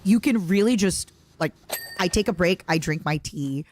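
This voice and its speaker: Chatty woman streamer, lower voice. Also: animated, a little hiss or hum. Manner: chatty, lots of fillers and quick agreement. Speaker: streamer host. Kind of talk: casual chat on a collab stream.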